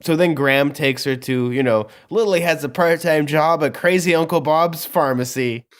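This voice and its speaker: A podcast co-host walks through a book plot in loose, filler-filled chat. The voice sits at an ordinary middle pitch and stays easygoing. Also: moderate pace. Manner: relaxed, recaps the plot with many fillers. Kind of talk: casual book discussion.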